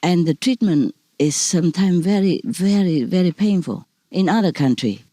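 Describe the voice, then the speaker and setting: Low, mellow-voiced woman telling stories. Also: animated, moderate pace, no room sound. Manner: warm, anecdotal storytelling with frequent "you know" and soft laughs. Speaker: spiritual teacher. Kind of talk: casual talk to listeners.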